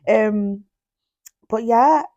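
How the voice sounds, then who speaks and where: A woman, co-hosting a podcast in lively, teasing casual chat. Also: on the high side, takes it slowly, dull audio. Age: 20s. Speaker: podcast co-host.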